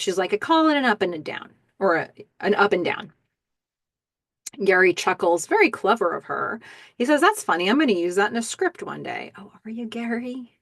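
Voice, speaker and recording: A woman hosting a podcast, giving a casual, animated recap of a TV episode and acting out the characters' lines as she goes. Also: mid-range voice, no room sound, studio quality. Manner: animated, acts out character quotes. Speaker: podcast host.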